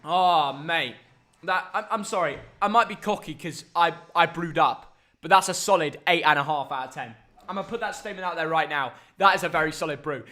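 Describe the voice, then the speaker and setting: A young man hosting a live football reaction stream, chatty and energetic. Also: a little high, a little fast.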